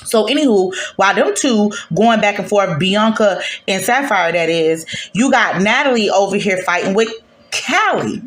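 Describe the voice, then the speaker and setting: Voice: medium pitch, expressive, moderate pace, a bit bright, reverberant. A host giving a casual gossip recap of a reality show in a sassy, profane, emphatic way.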